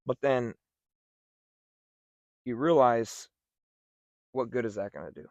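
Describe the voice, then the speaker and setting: A man's voice: mid-range voice, lively intonation, slow, creaky, a little mellow, dry recording. A young man with a mid-range voice co-hosts a casual podcast. He talks things through in an earnest, reflective way, with plenty of fillers. The recording is dry and a little dull. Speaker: podcast co-host. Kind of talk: casual chat.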